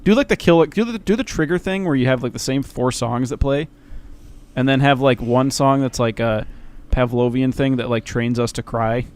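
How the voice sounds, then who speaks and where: A man's voice: mid-range voice, normal speed, a little mellow. A man rambling in casual podcast chat as a host, hesitant and self-deprecating, often breaking into laughs.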